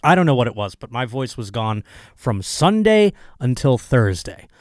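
Male podcast host, hoarse, rambling and profane, dry close mic. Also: mid-range voice, very animated, moderate pace, darkish tone, dry recording. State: hoarse, voice still recovering. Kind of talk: casual solo podcast monologue.

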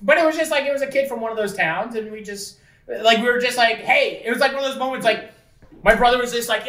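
Woman rambling and swearing, bright voice, kinda far from the mic in a roomy space. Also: fairly high pitch, quick pace. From Canada. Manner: rambling, profane, full of "like". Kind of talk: casual chat.

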